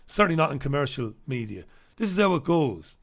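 A man's voice: medium pitch, big pitch swings, fairly quick, gravelly, fairly bright tone. A man hosting a talk show, delivering a sarcastic, combative monologue and reviewing the papers, swearing freely. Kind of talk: ranting monologue and newspaper review.

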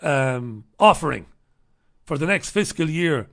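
Man, talk show host, sarcastic rant, gravelly, bright forceful tone. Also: on the high side, animated, measured pace. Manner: sarcastic, combative, swears freely. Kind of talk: ranting monologue and newspaper review.

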